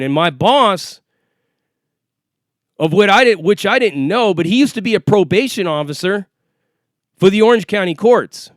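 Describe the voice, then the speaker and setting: A man's voice: high voice, brisk, pauses often, no echo, clean studio sound. A man telling a story in casual, profane first-person speech, acting out the quoted voices as he goes. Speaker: storyteller recounting an arrest.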